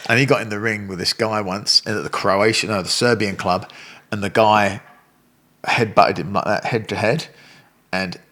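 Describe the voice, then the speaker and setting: Speaking at a moderate pace, a man in his sixties uses a lowish, fairly even voice with a sharp tone and an Australian accent. A Muay Thai coach and interview guest, he tells casual, rambling stories bluntly, with swearing and laughter.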